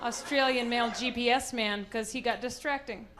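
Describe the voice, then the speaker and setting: A woman's voice: fairly high pitch, fairly even intonation, normal speed, heavy background noise. An American woman doing a stand-up comedy set, telling stories and acting out bits in mocking voices. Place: comedy club stage. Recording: live club recording, audience laughter.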